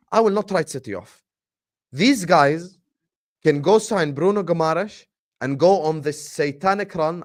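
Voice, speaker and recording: A man co-hosting a football podcast, making his points emphatically and ticking them off one by one. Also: a little high. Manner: animated, emphatic, builds points in lists. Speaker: podcast co-host. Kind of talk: casual football debate.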